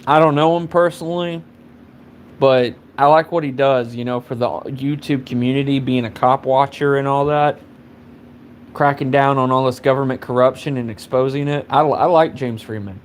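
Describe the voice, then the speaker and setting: A young man rants on a live stream in a loose, profane ramble full of fillers. His voice sits at an ordinary middle pitch. A faint background noise hums under it. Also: fairly even intonation, normal speed. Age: 20s. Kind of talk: casual rant.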